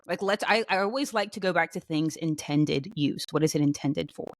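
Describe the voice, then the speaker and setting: A woman co-host chats casually and with animation, often restarting her sentences. Her voice sits a little low for a woman. The recording is close and dry. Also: normal speed, dry recording. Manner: chatty, animated, with many fillers and restarts. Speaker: podcast co-host. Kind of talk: casual chat.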